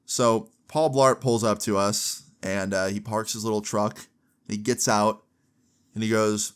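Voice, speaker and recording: A man's voice: lowish voice, level tone, unhurried, clean tone. A young man telling a long story to camera in a casual, swearing, filler-heavy way. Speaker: storytime vlogger.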